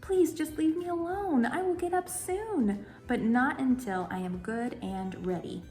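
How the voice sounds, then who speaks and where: A woman's voice: fairly high pitch, big pitch swings, normal speed, a little mellow, faint music behind. A woman doing a grumpy sleepy groundhog. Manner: sleepy and grumbling. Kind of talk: picture-book read-aloud. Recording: roomy echo.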